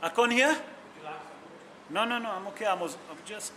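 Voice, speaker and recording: This rabbi's sermon comes in a high male voice at normal speed, broken up by frequent pauses, with noise in the background. He uses simple, non-native English to tell emotional stories and put questions to those listening.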